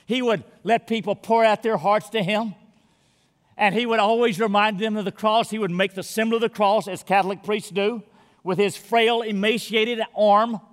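A male pastor preaching a sermon, telling a story and growing quiet and intimate toward the closing prayer. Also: high voice. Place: church sanctuary. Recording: long reverb of a large hall.

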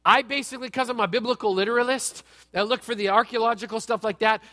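A man giving a sermon as a pastor, with an animated, conversational delivery that jokes and asks the audience questions. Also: extremely high pitch, fast talker. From United States. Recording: long reverb from a large hall.

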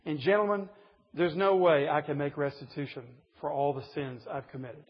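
A man's voice: on the high side, fairly even intonation, normal speed. A man preaching a sermon to a group of men, earnest, pressing his points with rising emphasis. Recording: dull lo-fi recording in a reverberant hall.

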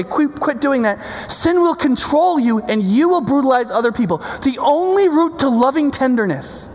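A man with a very high-pitched voice preaches emphatically yet conversationally, frequently checking in with listeners by asking "right?" A long reverb tail follows his speech.

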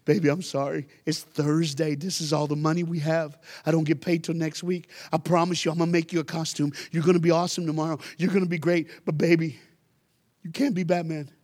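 A man voicing a poor young mother who softly and tenderly apologizes to her son. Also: fairly high pitch, flat delivery, a little fast, lightly acted. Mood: tender sorry.

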